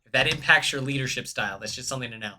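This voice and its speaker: Young male streamer, bright and tense tone, chatty and jokey, earbud mic. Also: mid-range voice, rapid-fire. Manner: chatty, laughing, joking with chat. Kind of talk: casual gaming stream chat.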